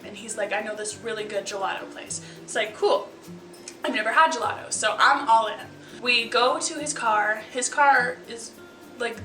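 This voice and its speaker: Young female vlogger, bright and a bit high-pitched, wry storyteller, roomy echo, mic set back, faint music under. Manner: chatty, wry, sarcastic asides with lots of likes. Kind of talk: casual storytelling to camera. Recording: echoey room, mic at a distance.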